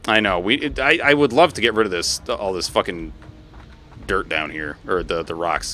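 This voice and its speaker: A man streaming a game, chatting casually with friends while he plays, swearing freely and easily excited. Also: lowish voice, slight background noise. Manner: profane, excitable, quick to swear and laugh. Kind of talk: casual gaming stream chat.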